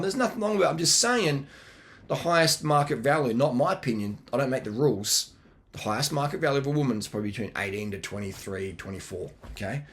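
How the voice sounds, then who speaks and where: A middle-aged man giving blunt, slangy dating advice in a casual monologue, with laughing asides. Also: mid-range voice. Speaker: video blogger answering viewer questions.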